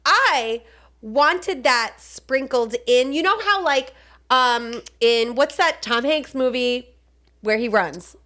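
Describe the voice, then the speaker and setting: A woman's voice: high-pitched, animated, slow pace, bright, forceful tone. A woman with a Long Island accent co-hosting a podcast, chatting casually about a film with lots of fillers. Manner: chatty, full of fillers, does voices. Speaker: podcast co-host. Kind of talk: casual film review chat.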